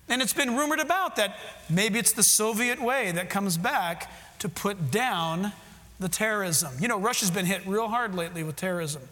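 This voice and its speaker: A man's voice: high-pitched, animated, moderate pace, pushed and bright, long reverb tail. A male pastor preaching an emphatic sermon, putting direct questions to his congregation.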